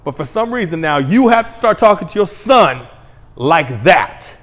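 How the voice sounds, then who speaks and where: Blunt man ranting on his show, high voice that jumps around a lot, crude and heated. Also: big pitch swings, normal speed, fairly bright tone. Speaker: commentary host. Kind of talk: ranting monologue.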